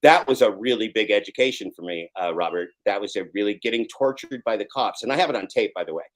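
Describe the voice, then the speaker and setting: A man in his fifties, a guest in a live online interview, talking intensely and swearing, at times rising to a shout. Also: fairly low pitch, fast, poor audio. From Oregon. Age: 50s.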